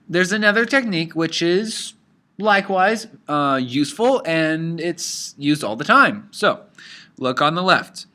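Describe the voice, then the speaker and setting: A man's voice: on the high side, bright, forceful tone. A man teaching a lesson, explaining patiently in English mixed with phrases. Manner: upbeat, explains patiently, mixes Spanish into English. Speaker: Spanish teacher. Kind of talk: language lesson.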